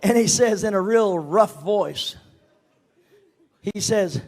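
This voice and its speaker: Folksy older man, gravelly high voice. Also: slow pace, long pauses, a little mellow. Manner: folksy, self-mocking, chuckling. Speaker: guest speaker. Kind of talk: personal testimony storytelling.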